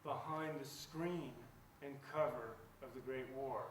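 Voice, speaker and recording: A man's voice: mid-range voice, a little slow, slight background noise. A man giving a public lecture as an author, speaking earnestly and emphatically and often repeating words as he restarts his sentences. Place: lecture hall. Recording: echoey hall picked up from a distance.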